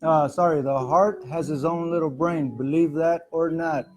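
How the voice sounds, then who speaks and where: A man's voice: on the high side, steady tone, moderate pace, darkish tone. Rambling man on a livestream. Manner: loose, rambling, chatty with viewers. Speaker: spiritual livestream host. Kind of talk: casual spiritual livestream talk. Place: home, music playing softly behind. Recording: faint music in background.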